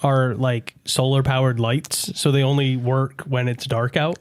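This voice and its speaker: A man on a comedic podcast, offering deadpan logic in halting phrases full of "like". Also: mid-range voice, clean tone. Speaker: podcast co-host. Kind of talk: casual comedic chat.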